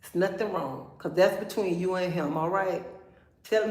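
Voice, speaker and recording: A woman's voice: lowish voice, normal speed, a little mellow. Frank woman livestreamer in an echoey room. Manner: frank, preachy, keeps saying "okay?" and "honey". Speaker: livestream host. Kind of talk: casual livestream talk.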